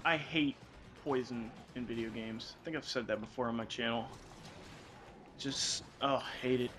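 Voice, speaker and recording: A man's voice: medium pitch, fairly even intonation, moderate pace, a bit bright, slight background noise. A young man from the American South hosting a casual co-op gameplay chat, laughing often and swearing freely. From Southern United States. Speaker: gaming channel host.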